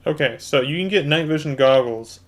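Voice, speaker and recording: A man's voice: on the high side, fairly quick. Chatty man narrating a computer game. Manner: chatty, explains controls, talks to viewers as guys. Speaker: gaming channel host. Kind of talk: casual let's-play commentary.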